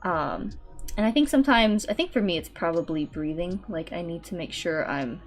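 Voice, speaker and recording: A young woman with a slightly low voice chats her way through a painting stream, rambling and restarting her sentences. Faint music plays softly behind her. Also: expressive, moderate pace. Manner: rambling and chatty, many "like"s and restarts. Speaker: VTuber streamer. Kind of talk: casual chat while painting on stream.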